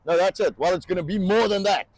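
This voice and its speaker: A man's voice: high-pitched, fast, a little mellow, no room sound. Laid-back South African man, dry sound. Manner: laid-back, blunt, swears casually. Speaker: cook and co-host. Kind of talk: casual chat while cooking.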